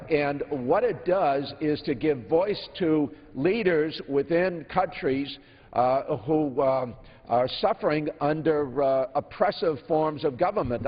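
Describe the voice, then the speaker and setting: A man speaking as a legislator in a formal floor debate, earnest and halting with many filler pauses. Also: on the high side. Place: large legislative chamber. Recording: dull audio in an echoing chamber.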